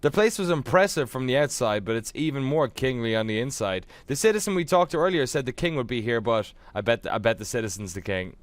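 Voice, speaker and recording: A man's voice: medium pitch, lively intonation, fairly quick, few pauses, no echo. A man reading a game aloud and joking, often laughing, as casual gameplay commentary. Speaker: let's player.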